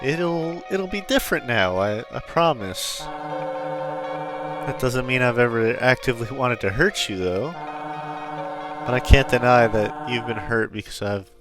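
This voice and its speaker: Man doing a tired, guilty mom in a story game, soft and halting, mid voice. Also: mid-range voice, expressive, over music, close to an everyday voice. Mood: remorseful. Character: weary single mother, woman, guilt-ridden.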